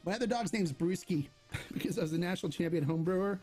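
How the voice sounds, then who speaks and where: A man's voice: high voice, fast, a little mellow, slightly rough, faint music behind. A middle-aged man hosting a casual livestream Q&A, talking in a chatty, rambling way with many restarts. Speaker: host of a tequila channel.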